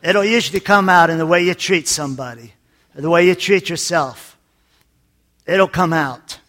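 A man preaching a folksy sermon, his voice sitting a little higher than most men's. He drops to a near-confiding hush, then swells into loud emphasis, and breaks up the teaching with jokes. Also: normal speed. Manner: folksy, tells jokes, swings from soft to loud. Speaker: pastor.

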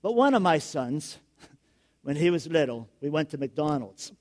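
A middle-aged male pastor giving a sermon, telling stories with frequent chuckles and building to loud, emphatic questions. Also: fairly high pitch, sing-song, unhurried.

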